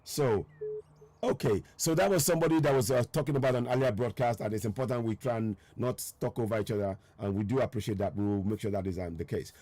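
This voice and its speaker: A man's voice: on the low side, quick pace, mellow, dry recording. Emphatic man hosting a live show. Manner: emphatic, repeats rhetorical questions. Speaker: live broadcast host. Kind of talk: live online commentary with callers.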